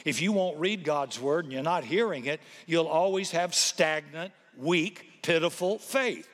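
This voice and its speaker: A male pastor preaching with dramatic flair, landing punchy jokes and rhythmic, rhyming lists. His voice sits slightly high and carries a long reverb from a large church auditorium. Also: a bit bright. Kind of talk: sermon.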